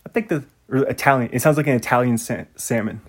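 A man's voice: medium pitch, fast. A man hosting a casual solo podcast, rambling and easily sidetracked, laughing at himself.

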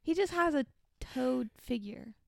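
A woman's voice: high voice, expressive, unhurried, creaky, dry recording, clean studio sound. A woman co-hosting a podcast in casual chat, teasing, exasperated and laughing often. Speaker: podcast co-host.

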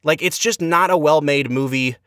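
Male podcast critic, slightly higher voice, dry booth sound, exasperated and emphatic. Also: normal speed, no echo. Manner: animated, emphatic, exasperated critique with big pitch swings. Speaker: podcast co-host, film reviewer. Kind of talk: casual podcast movie review.

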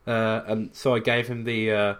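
A man's voice: fairly low pitch, level tone, moderate pace, fairly bright tone, clear, resonant tone. A man co-hosting a podcast, telling stories in casual chat with lots of fillers and restarts. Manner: rambling storyteller, many fillers and restarts. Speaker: podcast co-host.

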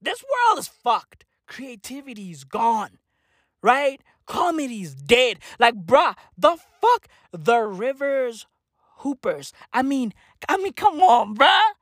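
A woman's voice: a little high, very animated, slow pace, no room sound, studio quality. A woman doing a profane comic rant, repeating herself and laughing at her own jokes. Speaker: comedian.

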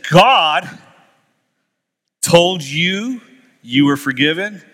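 A man's voice: a little high, animated, drawn-out words, bright, forceful tone, heavily acted. A man voicing a skeptical, mocking male college professor in a sermon story. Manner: mocking, incredulous questions.

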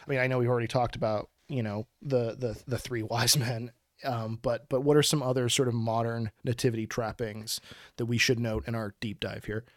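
A man's voice: mid-range voice, no echo, studio quality. Enthusiastic rambling podcast man. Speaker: podcast co-host. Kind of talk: casual chat.

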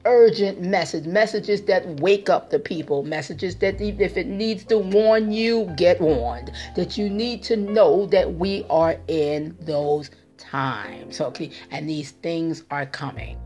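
A woman's voice: fairly low pitch, slow, mellow. Insistent woman preaching over faint music. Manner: repeats words for emphasis, insistent. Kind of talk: podcast sermon and prayer.

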